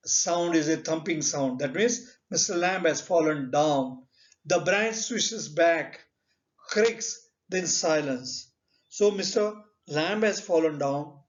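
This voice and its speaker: Slow, deliberate Indian English teacher. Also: male voice, fairly high pitch. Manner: slow, deliberate, asks rhetorical questions. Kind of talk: literature lesson. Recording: dull lo-fi recording.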